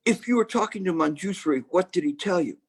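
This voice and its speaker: A man's voice: high voice, animated, fairly quick, slightly rough, voice pushed up, full character voice. A man voicing a flustered, stern old Chan master who protests and scolds indignantly in a story told during a meditation talk.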